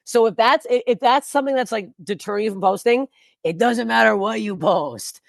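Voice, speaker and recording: A woman's voice: on the high side, a little fast, vocal fry, no room sound, clean studio sound. A woman comedian talking bluntly and profanely in a casual podcast chat, rambling with frequent restarts. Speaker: guest comedian.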